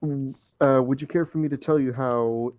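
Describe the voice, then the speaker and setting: A man's voice: medium pitch, fairly even intonation, normal speed, darkish tone, dry recording, dull audio. A man bantering and cracking jokes with a friend during a game. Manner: joking, teasing. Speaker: co-player. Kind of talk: casual gaming banter.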